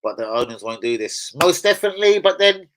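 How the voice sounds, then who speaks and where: A man's voice: a little high, very animated, fairly quick, fairly bright tone, low-quality recording. A young man, casually chatting and swearing as he hosts a live stream and answers viewers. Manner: swearing, chatty, laughs often, answers chat.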